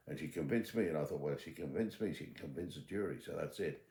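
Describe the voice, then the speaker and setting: A man's voice: very deep voice, fast, warm tone. An older British man with an English accent, a retired detective telling his own case as spoken true-crime storytelling, acting out both sides of remembered conversations. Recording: roomy echo.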